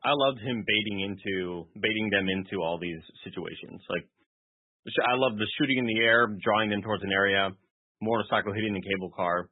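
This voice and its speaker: A man on a casual podcast who chimes in eagerly about favorite scenes. His voice is a little low and husky. The sound is dry and tinny, like a phone line. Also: a little fast, no room sound. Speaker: podcast co-host. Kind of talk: casual movie recap chat.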